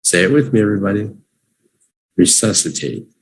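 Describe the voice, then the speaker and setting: A man teaching English vocabulary on a livestream, repeating each word slowly for learners to say with him. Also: lowish voice, animated, slightly rough. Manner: slow, drawn-out repetition for learners.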